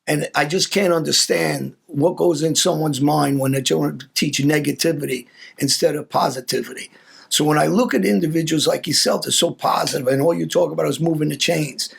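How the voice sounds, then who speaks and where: An opinionated male host with a heavily gravelly, husky voice pitched a bit high. He talks earnestly, restarting and doubling words as he presses his point. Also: brisk. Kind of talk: casual conversation.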